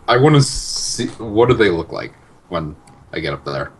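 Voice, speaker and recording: Male player, low voice, casual and rambling, thinks aloud. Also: big pitch swings, normal speed, a little hiss or hum, rough recording. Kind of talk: casual tabletop play.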